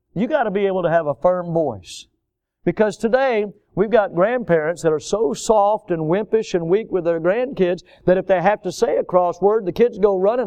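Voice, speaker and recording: Emphatic preacher man, smooth resonant voice. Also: high voice, a little mellow. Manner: emphatic, repeating words for stress. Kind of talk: sermon.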